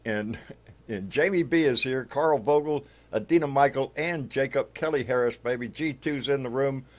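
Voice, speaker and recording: A man's voice: mid-range voice, normal speed. A man hosting a casual livestream, loose and profane, calling his viewers baby. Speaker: livestream host.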